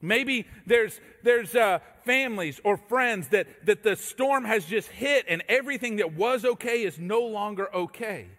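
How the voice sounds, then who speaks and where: Man, pastor, sermon, animated storyteller, acts out voices, high voice, long hall reverb. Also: unhurried, few pauses.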